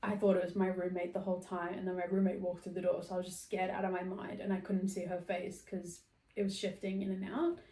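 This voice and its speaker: A woman's voice: lowish voice, little pitch movement, fast, mellow, distant mic. Chatty young woman telling a story. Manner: chatty, swears casually. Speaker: podcast host. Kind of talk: casual storytelling. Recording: roomy echo.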